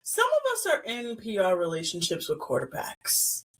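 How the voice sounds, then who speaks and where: A woman's voice: mid-range voice, wildly swooping pitch, normal speed, a bit bright, slight background noise, rough recording. A young woman hosting a casual comedy chat show, bubbly and giggly. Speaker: host.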